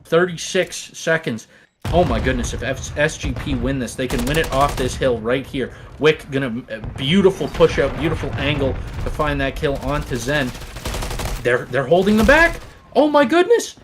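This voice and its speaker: A man calling an esports match at breakneck pace, his voice leaping up whenever a big play lands. Gunfire and game clicks rattle clearly behind him, so the commentary sits right on top of the live match audio. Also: mid-range voice, noisy background. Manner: rapid excitable calls, rising to shouts at big plays. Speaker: esports caster.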